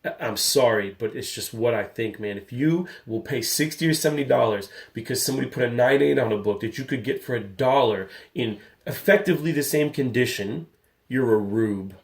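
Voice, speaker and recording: A man's voice: mid-range voice, brisk. A man in his thirties, a comic book collector hosting a casual vlog, talking candidly in a rambling way and getting riled up. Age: 30s.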